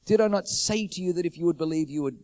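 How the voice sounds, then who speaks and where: A man's voice: a little high, fast, darkish tone. A man preaching a sermon, repeating his phrases for emphasis and building urgency.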